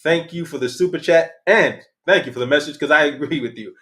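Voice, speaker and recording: A man's voice: a little high, brisk. A man hosting a casual livestream, talking candidly with slang and the odd curse, laughing between points. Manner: candid, animated, uses slang and swears. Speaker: channel host.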